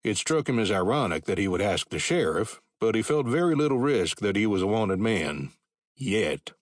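A man reading a western novel aloud as narrator, steady and measured. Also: on the low side, no echo, clean studio sound. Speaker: audiobook narrator. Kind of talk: scripted narration.

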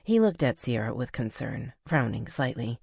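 A woman narrating a novel as an audiobook reader, in a measured, even storytelling manner. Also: very deep voice, creaky, slightly rough, dry recording, studio quality. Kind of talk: scripted narration.

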